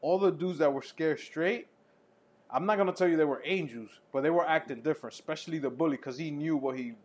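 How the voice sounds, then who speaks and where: A man co-hosting a podcast, telling an animated, profane story full of laughter in casual chat. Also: fairly high pitch, brisk.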